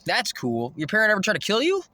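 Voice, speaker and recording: A man's voice: high voice, huge pitch swings, quick pace, pushed and bright. A man ranting in a rambling monologue, swearing constantly and laughing often. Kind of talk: rambling profane rant.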